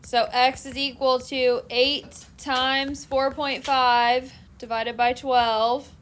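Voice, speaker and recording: A woman math teacher giving a classroom lecture, explaining steps in a steady, methodical way. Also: high-pitched, slow pace, a little hiss or hum.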